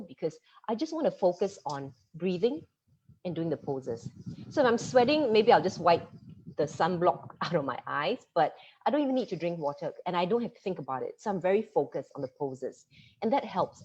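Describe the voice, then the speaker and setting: A woman media coach from Singapore giving an online masterclass, talking fast and lively and laughing easily. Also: lowish voice, slight background noise. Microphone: computer mic on a video call. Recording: dull lo-fi video-call audio.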